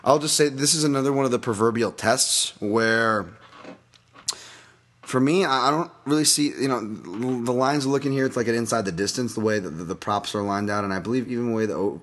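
A man hosting a solo podcast, breaking down upcoming fights in a rambling, animated and profane way. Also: mid-range voice, brisk. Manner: animated, rambling, profane, laughs at own bits. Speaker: MMA fight analyst podcast host.

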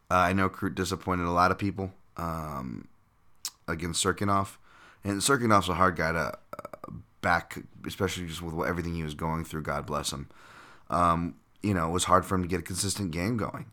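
His voice sits low with a sharp tone. On his laid-back solo podcast, this man breaks down fights off the cuff, stumbling through fillers and restarts and chuckling here and there.

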